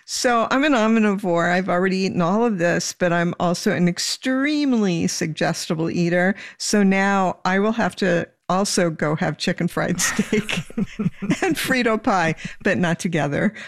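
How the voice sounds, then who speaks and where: A woman's voice: fairly low pitch, moderate pace, gravelly, dry recording, clean studio sound. A middle-aged woman, a food radio host, chatting with enthusiasm as a guest on the radio. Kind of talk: casual radio chat.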